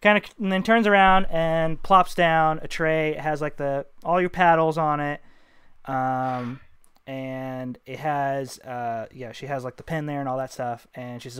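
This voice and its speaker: A man runs a tabletop game, describing scenes in a loose, rambling way full of fillers. His voice is smooth and clear and sits a little high. The sound is dry and close. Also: steady tone, unhurried, fairly bright tone, no echo. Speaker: game master.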